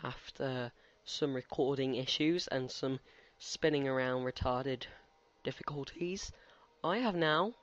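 In a slightly muffled lo-fi recording, a teenage boy chats his way through a game, talking back to its characters. His mid-range voice has a fairly bright tone, and he keeps a measured pace with few pauses.

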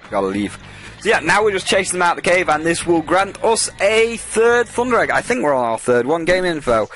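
A man's voice: high voice, animated, fairly quick, fairly bright tone, faint music behind. A man giving casual gameplay commentary as a let's play host, rambling and jokey with frequent swearing.

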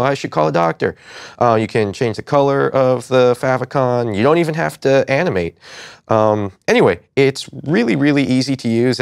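A man's voice: mid-range voice, gravelly, clean tone, dry recording, studio quality. A man co-hosting a casual web tech news show, upbeat and joking as he runs through links. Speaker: co-host.

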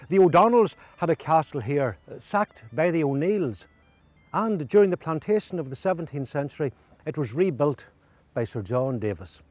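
A man's voice: fairly high pitch, no echo. A man presenting a scripted travel documentary narration.

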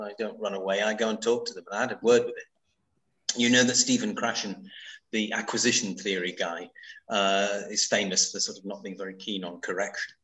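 A man's voice: lowish voice, sharp tone, rough recording. A man presenting a coaching workshop, answering questions conversationally on a video call, with anecdotes and rhetorical questions. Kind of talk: webinar Q&A answers.

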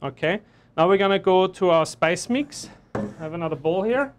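A man with a fairly high voice talks through a live online cooking lesson from a kitchen. He is chatty and cracks jokes as he explains each step while he works. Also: expressive, moderate pace, a little hiss or hum. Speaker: chef instructor.

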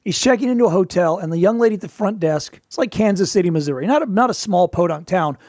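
A man with a fairly high voice talks through showbiz advice in a relaxed, wry storytelling way and tosses in quick asides. The recording is dry and close, with no room sound. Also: dry recording. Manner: quick asides and playful put-on voices for quotes. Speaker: podcast host, performer. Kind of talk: casual advice talk.

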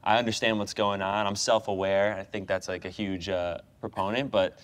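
A young American man speaks in a fairly low voice, spinning an animated story full of "like" and "you know." He laughs often and keeps the tone loose and conversational. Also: moderate pace. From United States. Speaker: guest, professional goalkeeper. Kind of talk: casual chat.

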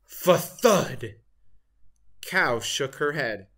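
Slow expressive storybook reader. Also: medium pitch. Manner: expressive and sing-song. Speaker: children's book reader. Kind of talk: storybook read-aloud narration.

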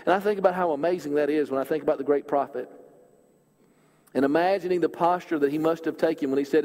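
Earnest high-voiced preacher in a reverberant hall. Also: male voice, fast, a little mellow. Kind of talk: sermon. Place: church auditorium.

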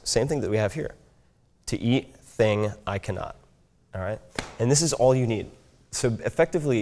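A man's voice: lowish voice, a little mellow. A man giving a casual talk on learning languages, checking in with "right?" as he goes. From United States. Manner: conversational, frequent "right?" check-ins. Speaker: speaker teaching language learning.

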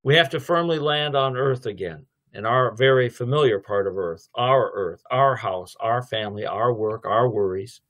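A man's voice: mid-range voice, moderate pace, few pauses. A middle-aged man giving a devotional lecture, telling a story and acting out both sides of a conversation. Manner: lively storytelling, acting out dialogue. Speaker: theology lecturer.

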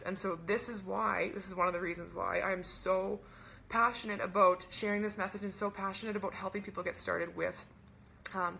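A young woman hosting a webinar as a wellness coach, talking fast and bubbly in a casual chat full of "like" and "right?". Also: mid-range voice, gravelly, a bit bright, slight background noise.

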